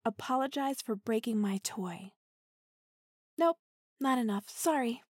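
A woman's voice: fairly high pitch, animated, measured pace, breathy edge, dry recording. A young woman playing a teasing, dominant female partner in an intimate audio role-play, giggling and slipping into half-whispers close to the mic.

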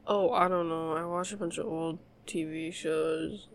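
A woman's voice: deep voice, steady tone, a little slow. A young woman in a casual girlfriend role-play, rambling to her partner with frequent laughs and swearing.

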